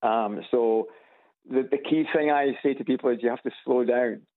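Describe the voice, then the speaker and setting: Calling a radio show over a phone on loudspeaker, a man with an Edinburgh Scottish accent talks in a casual phone-in chat. His mid-range voice is gravelly and steady in tone, thinned by the tinny line, and his halting, repetitive delivery carries dry humor.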